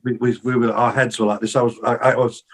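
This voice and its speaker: A fast-talking older man with a medium-pitched voice, a songwriter and musician, spins casual interview stories on a podcast. The anecdotes are animated and meandering, full of quotes he acts out, and broken up by frequent fillers and restarts.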